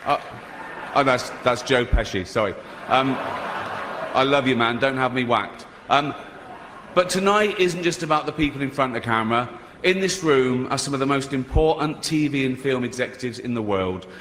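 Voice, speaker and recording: A man doing stand-up comedy on stage and hosting an awards show, with a dry, mocking, deadpan delivery. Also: mid-range voice, normal speed. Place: large theatre on stage. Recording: live hall reverb, faint audience noise.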